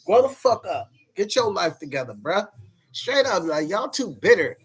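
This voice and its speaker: A man's voice: high voice, big pitch swings, moderate pace, breathy edge. A young adult man ranting to camera in a vlog, heated and profane, repeating himself as he goes. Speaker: vlogger.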